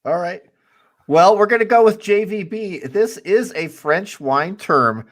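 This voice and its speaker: A man hosting a casual podcast chat, giving facts in a relaxed, knowing way. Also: high voice, a little slow.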